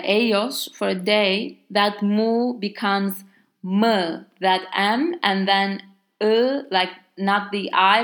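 Woman, Turkish accent, native Turkish speaker, casual language lesson, unhurried delivery, mid-pitched voice. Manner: explains slowly with many fillers, exaggerates stress on example words. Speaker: language teacher.

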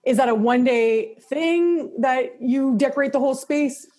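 A woman hosting a casual interview, agreeing warmly and asking long, winding questions. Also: sits high, unhurried. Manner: eager, affirming, asks long rambling questions.

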